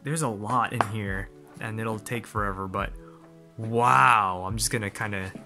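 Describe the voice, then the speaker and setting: A man casually talking through a toy unboxing, excitable and gushing, often laughing and exclaiming. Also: fairly low pitch, measured pace, soft background music.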